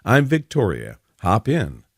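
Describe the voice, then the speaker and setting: A man's voice: fairly low pitch, wildly swooping pitch, unhurried, creaky, breathy edge, no room sound, clean studio sound, heavily acted. A man voicing a blunt, stern businesswoman in her forties who does not sugarcoat things. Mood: wary.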